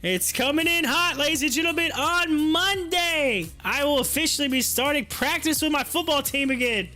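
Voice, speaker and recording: High, bright-voiced excitable man. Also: normal speed, soft background music. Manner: chatty, excitable, laughs often. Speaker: stock market livestream host and youth football coach. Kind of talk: casual livestream chat.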